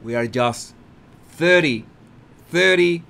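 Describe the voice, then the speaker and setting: Brief: male video commentator, high and lively voice, unhurried and repetitive delivery. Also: vocal fry, smooth. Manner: repetitive, restarts often, animated with laughter.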